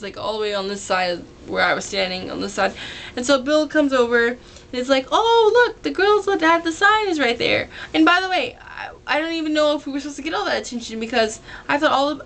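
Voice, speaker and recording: A woman's voice: a little high, fairly bright tone. A teenage girl telling a concert story to the camera in a chatty way, full of "like" and quoted voices. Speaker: vlogger. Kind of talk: casual storytelling.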